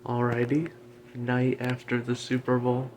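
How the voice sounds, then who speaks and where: A man's voice: mid-range voice, monotone, unhurried, a little mellow, a little hiss or hum. A man in bed at home doing solo sports commentary, talking with a retainer in and sounding salty. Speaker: podcast host.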